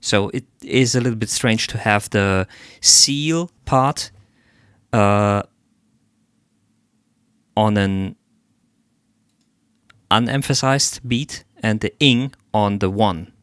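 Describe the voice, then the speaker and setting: A man hosting a live stream who critiques a listener's song in an analytical way. He often pauses to search for the right word. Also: on the low side, fairly bright tone, smooth, dry recording. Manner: analytical, searches for words, hums melodies to demonstrate. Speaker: music feedback streamer.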